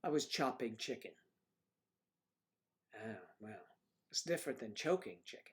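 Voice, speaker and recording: A man hosting a relaxed livestream from home, greeting viewers one by one. He muses aloud with drawn-out hums between remarks, at an ordinary middle pitch. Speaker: livestream host reading chat. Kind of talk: casual livestream chat. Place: at home with TV in background.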